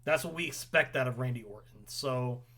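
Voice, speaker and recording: A man's voice: medium pitch, normal speed, pushed and bright. A young man hosting a casual wrestling recap, opinionated and rambling with frequent ums. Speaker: podcast host.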